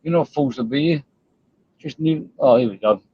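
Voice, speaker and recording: A man rants on his live stream, blunt and scornful, with plenty of swearing. His voice sits at an ordinary middle pitch. The audio is dull and lo-fi. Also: moderate pace, husky. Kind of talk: ranting live-stream commentary.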